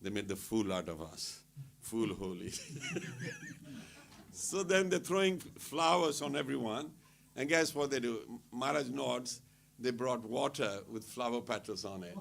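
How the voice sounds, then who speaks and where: At a temple gathering, a man with a medium-pitched, creaky voice tells funny travel stories at an unhurried pace, laughing often and acting out what people said. It's casual storytelling from a temple speaker, animated and full of anecdotes, with slight background noise.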